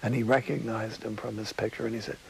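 A man preaching a sermon in a studio, telling stories slowly and dropping to a whisper for emphasis. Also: fairly low pitch, little pitch movement, creaky, a little hiss or hum, low-quality recording. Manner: storytelling, slow, drops to a whisper for emphasis.

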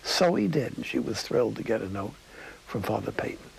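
A man preaching a sermon in a studio, telling stories slowly and dropping to a whisper for emphasis. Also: medium pitch, very animated, vocal fry, slight background noise, low-quality recording. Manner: storytelling, slow, drops to a whisper for emphasis.

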